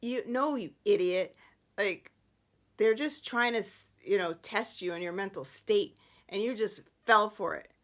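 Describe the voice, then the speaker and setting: A woman's voice: mid-range voice, a little slow, lightly acted. A woman voicing a scornful evil alter-ego woman, scolding and contemptuous.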